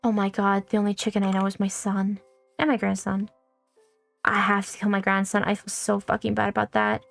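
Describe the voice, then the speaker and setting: A young VTuber chats through a gaming stream, rambling, cursing freely and teasing herself, with faint music in the background. Her medium-pitched voice is creaky with a level tone and a slightly fast pace, recorded without echo.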